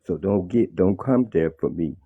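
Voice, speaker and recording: A man's voice: low voice, lively intonation, normal speed, slightly rough. A man in his sixties from Chicago, calling into a livestream and lecturing insistently, over dull lo-fi call audio. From Chicago, Illinois. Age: 60s. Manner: preachy, insistent, repeats "let me tell you". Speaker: caller.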